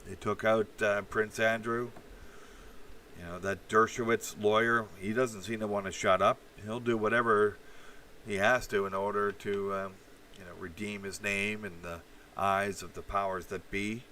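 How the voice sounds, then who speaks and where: Host, male, low voice, meandering livestream commentary with sardonic asides, faint hum behind. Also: level tone, normal speed, pushed and bright. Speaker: channel host. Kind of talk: rambling political commentary livestream.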